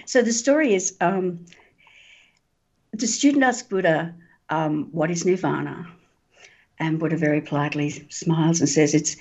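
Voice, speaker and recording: A woman author being interviewed, an animated storyteller who laughs often and says um a lot. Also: on the low side, normal speed. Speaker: author and guest. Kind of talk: interview talk. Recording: dull lo-fi sound.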